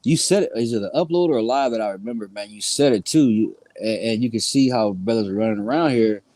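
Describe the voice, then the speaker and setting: A man speaking as a guest on a livestream panel, relaxed and rambling, full of fillers. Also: lowish voice, fast talker, no echo. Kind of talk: casual chat.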